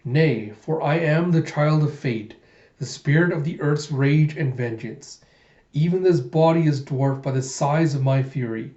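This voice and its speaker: A man voicing a furious, vengeful male samurai robot warrior in a grave, slow declaiming way. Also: a little high, warm tone, natural voice. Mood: grim. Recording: roomy, muffled home recording.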